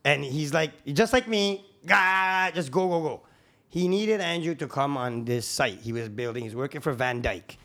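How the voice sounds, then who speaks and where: A man who is a guest on a podcast, telling casual stories in quick run-on sentences that are animated, slangy and full of swearing. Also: mid-range voice. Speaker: podcast guest, construction crew founder. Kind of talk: casual storytelling.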